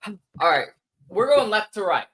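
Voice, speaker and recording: Bright-voiced joking Philly sports host. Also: male voice, high-pitched, very animated, normal speed, poor audio. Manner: joking, opinionated, loose. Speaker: podcast co-host. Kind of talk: casual sports talk.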